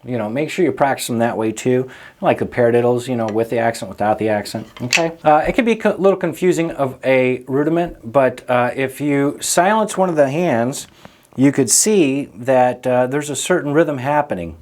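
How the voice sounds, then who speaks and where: A man's voice: mid-range voice, expressive, moderate pace, background noise. Patient man teaching drum rudiments. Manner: casual, checks in with frequent "okay?" and "right?"; patient, encouraging. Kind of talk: instructional explanation.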